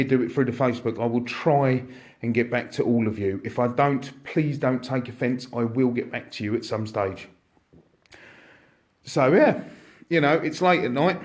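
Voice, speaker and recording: An excitable man talking straight to his online viewers from inside his shop. His voice sits at an ordinary middle pitch, and he chats in a loose, jokey way, greeting people and wandering between asides. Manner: chatty, excitable, jokey, addresses viewers directly. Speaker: airsoft shop owner. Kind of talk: casual live stream chat.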